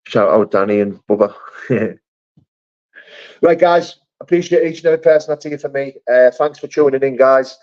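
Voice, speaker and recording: A man's voice: mid-range voice, a little mellow. A man hosting a casual live chat, reading viewer comments in a matey, chummy way. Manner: chatty, matey, calls viewers mate and brother. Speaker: live stream host. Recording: dull lo-fi stream audio.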